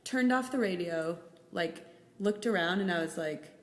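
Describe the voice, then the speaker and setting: A woman's voice: lowish voice, moderate pace. A young woman with a Tennessee accent co-hosting a podcast, telling rambling, easygoing stories. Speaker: podcast co-host. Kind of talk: casual chat. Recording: roomy echo.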